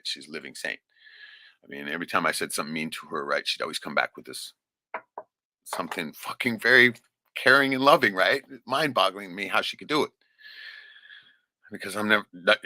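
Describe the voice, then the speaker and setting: A man's voice: low-pitched, sharp tone, no echo. A man telling a personal story in a rambling, profane, casual way, often checking in with "right?".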